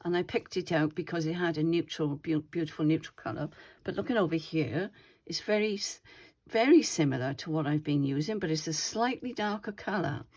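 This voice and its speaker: Craft host, female, lower pitch, relaxed rambling tutorial delivery, thinks aloud. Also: fairly quick. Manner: chatty, rambling, thinks aloud while handling materials. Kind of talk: casual slow-stitching tutorial.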